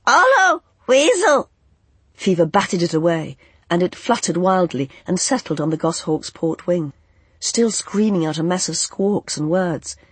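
An audiobook narrator telling a fantasy story in a soft, unhurried, expressive way. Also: medium pitch, slightly rough, dry recording.

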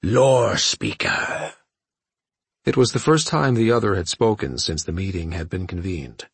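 A man giving scripted audiobook narration in a steady storytelling manner. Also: low voice, fairly quick, slightly rough, dry recording.

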